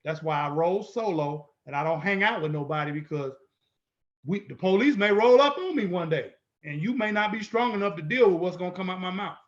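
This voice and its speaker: A man's voice: high-pitched, animated, brisk, highs cut off. A man giving an emphatic, confrontational lecture, repeating his points boldly. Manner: emphatic, repetitive, bold and confrontational. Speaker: instructor. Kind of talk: lecture-style video walkthrough.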